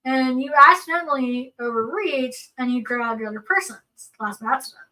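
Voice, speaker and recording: A woman's voice: sits high, expressive, normal speed, bright, forceful tone, far from the mic, poor audio. A woman co-presenting a seminar in a casual panel talk, earnest and explanatory, drawing on personal examples.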